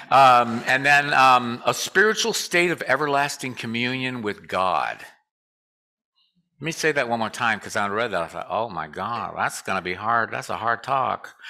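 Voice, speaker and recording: Bright-voiced man giving a lively casual sermon. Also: mid-range voice. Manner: joking, conversational, leads call and response. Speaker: guest speaker. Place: church sanctuary.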